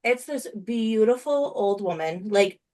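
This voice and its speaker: A woman's voice: medium pitch, expressive, a little slow, a little mellow. A woman co-hosting a casual chat, telling a story in a bubbly, enthusiastic way. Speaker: podcast co-host.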